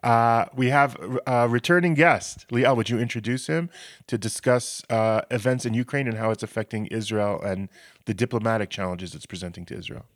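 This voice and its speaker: A male podcast host talking in a loose, chatty way, often restarting his sentences. His voice is mid-pitched and sits close to the mic in a dry, dead room. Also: moderate pace, no room sound. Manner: chatty, storytelling, many restarts. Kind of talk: casual podcast conversation.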